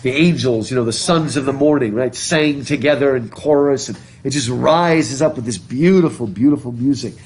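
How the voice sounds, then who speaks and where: A man's voice: medium pitch, moderate pace, few pauses, a little mellow, breathy edge. A middle-aged man, a professor, lecturing a class in a chatty, digressive way, reading passages aloud and asking students questions. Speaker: college professor. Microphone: recording device in a classroom, speaking through a mask.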